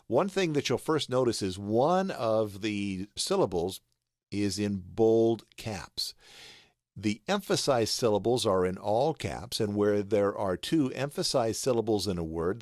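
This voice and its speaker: A man's voice: on the low side, a little mellow, dry recording, clean studio sound. An American man patiently walking through a pronunciation tutorial, spelling out letters step by step. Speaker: voice artist teaching pronunciation. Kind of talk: screen-share tutorial.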